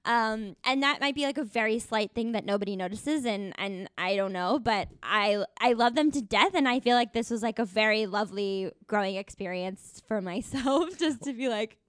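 A chatty woman hosts a podcast, musing aloud with plenty of fillers. Her voice is a little hoarse and cracks now and then. The sound is dry and close. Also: fairly high pitch, moderate pace, hardly any pauses, fairly bright tone, no echo. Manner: chatty, reflective, many "like" fillers. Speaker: podcast host. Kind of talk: casual chat.

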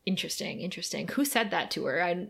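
A young woman hosting a podcast, recapping an episode in casual, animated chat with laughter and swearing. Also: on the low side, fast, vocal fry, slightly rough. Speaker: podcast host.

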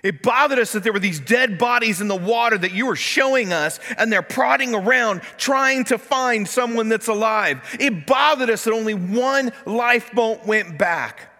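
A man's voice: high voice, expressive, normal speed, hardly any pauses, bright, forceful tone, long reverb tail. A man preaching a sermon as pastor, telling a story and acting out the voices of the people in it. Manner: storytelling, acts out voices in quotes. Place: church sanctuary.

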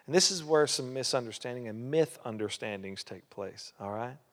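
A man's voice: mid-range voice, animated, normal speed. Man preaching in an echoing church hall. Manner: emphatic preaching with rhetorical questions. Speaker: pastor. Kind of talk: sermon.

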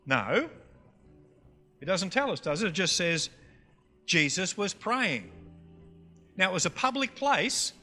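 With a North Queensland Australian accent, a man preaches a teaching session and fires questions at his audience. His high, bright, forceful voice swings widely in pitch, moving slowly with long pauses. The recording carries long hall reverb and faint music.

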